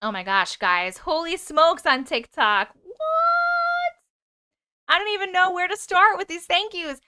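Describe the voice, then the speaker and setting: A woman hosting a casual livestream, chatting with viewers and rattling off quick thank-yous for gifts, excitable and prone to laughing and swearing. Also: extremely high pitch, dry recording, clean studio sound. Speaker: livestream host. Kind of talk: casual livestream chat, reading comments and thanking gifters.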